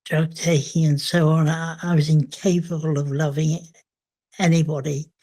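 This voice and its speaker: An older woman, a memoir author, speaking reflectively in an interview, thoughtful and hesitant with frequent pauses. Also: low-pitched, level tone, warm tone.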